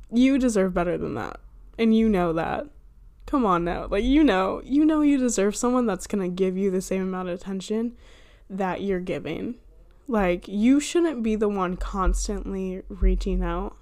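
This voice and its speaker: A woman's voice: mid-range voice, unhurried, a little mellow. A young woman hosting a casual solo podcast, rambling and self-deprecating, with frequent laughs and filler words. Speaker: podcast host. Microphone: handheld or desk microphone she bumps.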